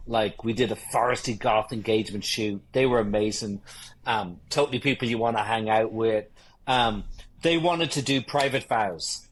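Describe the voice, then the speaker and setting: Husky man in his fifties. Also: lowish voice, normal speed. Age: 50s. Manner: swearing, animated anecdotes. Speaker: guest wedding photographer. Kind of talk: casual interview storytelling.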